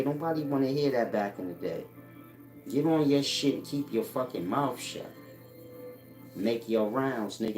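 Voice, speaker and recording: Blunt streetwise man over music. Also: fairly low pitch. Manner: profane, streetwise, lecturing. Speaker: self-help channel host. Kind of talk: blunt street-talk monologue. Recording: echoey room with music behind.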